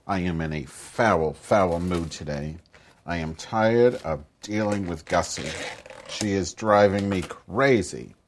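A man's voice: fairly low pitch, close to an everyday voice. A man voicing a cranky, foul-mouthed middle-aged woman who hosts a podcast and grumbles through profane, rambling rants in a comic monologue. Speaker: podcast host.

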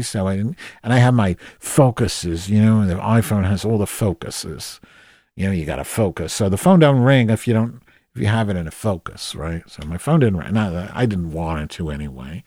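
A man's voice: on the low side, normal speed, mellow, no room sound, clean studio sound. A man telling a comic story as a rant, profane and exasperated. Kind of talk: comedic rant monologue.

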